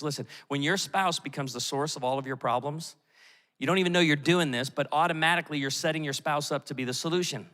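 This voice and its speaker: A middle-aged man preaching a sermon as pastor, animated and storytelling, acting out the voices he quotes. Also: on the high side. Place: large church auditorium. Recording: long hall reverb from a church auditorium.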